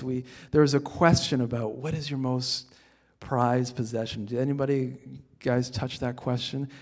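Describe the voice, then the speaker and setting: A man preaching a sermon in a conversational way, often repeating words as he starts a sentence and moving between quiet scripture reading and emphatic peaks. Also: mid-range voice. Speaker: pastor.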